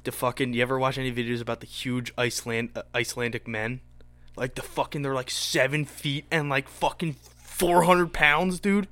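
A young man with a bright, sharp voice, recorded close and dry with no room sound. He co-hosts a casual podcast, laid-back and swearing freely. He is from Pennsylvania. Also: mid-range voice, fairly even intonation, moderate pace, no room sound. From Pennsylvania, USA. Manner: laid-back, profane banter. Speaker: podcast co-host.

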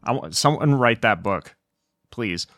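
A man with a low voice on a dry, close podcast mic. He talks hesitantly, restarting his sentences, then slips in deadpan jokes. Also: unhurried, no echo. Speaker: podcast guest. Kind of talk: casual chat.

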